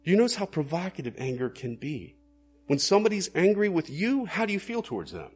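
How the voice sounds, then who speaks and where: Husky, animated male preacher. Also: high-pitched, a little fast. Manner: earnest, questioning, rising to emphatic bursts. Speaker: pastor. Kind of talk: sermon.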